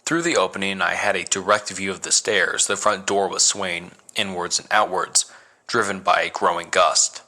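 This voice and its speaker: A man reading a first-person horror story as narrator, measured and dramatic. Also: sits low, bright, forceful tone.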